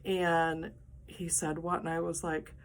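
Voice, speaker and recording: A middle-aged woman, the host, telling a personal story in a casual, animated and dramatic way. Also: low voice, slow pace.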